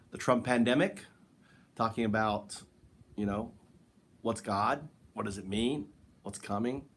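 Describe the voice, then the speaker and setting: A man's voice: medium pitch, a bit bright. A man hosting a casual livestream from his home, sitting on the floor and rambling loosely as he talks straight to viewers and answers the chat. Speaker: livestream host.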